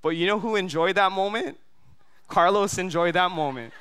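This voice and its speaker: A man from Hawaii preaching in an animated storytelling way, with a bright, forceful and smooth voice pitched a little high. He keeps turning to the congregation with quick asides. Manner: animated storyteller, many fillers, asks the crowd "right?". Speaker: pastor. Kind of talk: sermon with storytelling. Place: church service.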